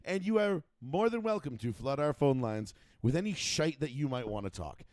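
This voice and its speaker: A man hosting a casual sports talk show, rambling and profane, with fast banter. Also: medium pitch, animated, a little mellow, no room sound. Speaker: host.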